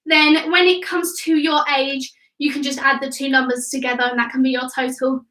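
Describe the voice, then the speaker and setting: A woman's voice: high-pitched, little pitch movement, normal speed, bright, forceful tone. A woman, coaching a kids' home workout class in an upbeat, encouraging way and counting reps aloud. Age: 20s. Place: room at home. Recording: echoey room, mic at a distance.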